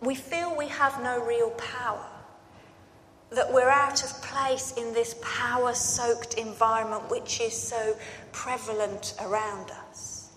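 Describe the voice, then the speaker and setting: A woman with a high voice delivers a sermon in an earnest storytelling manner, leaning on repetition for emphasis. Her voice rings with long reverb through a roomy church hall. A faint hum of ambience sits beneath her. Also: steady tone, slow, a bit bright. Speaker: preacher.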